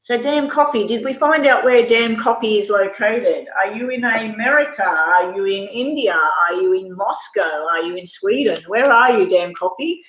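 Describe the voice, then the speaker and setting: A woman's voice: mid-range voice, expressive, moderate pace, hardly any pauses, fairly bright tone, reverberant, rough recording. A middle-aged Australian woman giving a rambling, frank tarot reading on a live stream. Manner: chatty, rambling, frank with mild swearing. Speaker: tarot reader.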